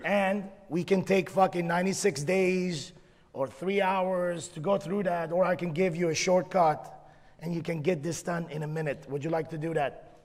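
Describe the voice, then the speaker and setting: A man's voice: on the high side, fairly even intonation, normal speed, darkish tone. A man leading a motivational seminar from the stage, giving blunt, profane, drill-like commands. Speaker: seminar leader. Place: large event hall. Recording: echoey hall with a live audience.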